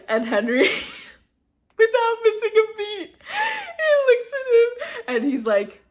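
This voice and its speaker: A woman's voice: on the high side, big pitch swings, slow pace. A young woman chats casually on camera about a film she loves. She gushes, giggles often and fills her talk with ums and likes. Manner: gushing, giggly, emotional, lots of fillers. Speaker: vlogger reviewing a movie. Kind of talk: casual chat.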